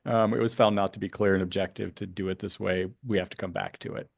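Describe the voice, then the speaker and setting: A man with a low, gravelly voice walks a commission through policy options, pausing and rephrasing as he thinks. The sound is dry and close, with no room around it. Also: fairly even intonation, no echo. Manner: explanatory, thinking aloud with fillers. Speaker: county planning staff member. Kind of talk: public meeting remarks.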